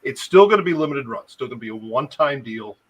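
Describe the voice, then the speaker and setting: A male guest in a casual live-stream chat, telling his story in a lively way with chuckles. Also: mid-range voice, fast, low-quality recording.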